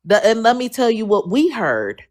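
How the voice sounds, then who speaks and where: A woman's voice: fairly high pitch, big pitch swings, moderate pace, darkish tone. A woman on a live online panel debate, asking blunt, challenging questions.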